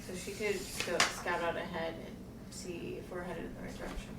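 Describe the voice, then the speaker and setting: A woman playing a tabletop game, explaining softly in casual chat. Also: fairly low pitch, flat delivery, a little fast. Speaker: player. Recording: echoey room, mic far off, loud noise.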